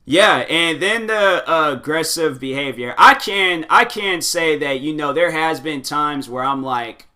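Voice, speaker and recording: Bright-voiced young man rambling casually. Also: on the high side, moderate pace, few pauses. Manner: rambling, loose slang-filled talk with many fillers. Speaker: podcast host reading advice posts. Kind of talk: casual chat.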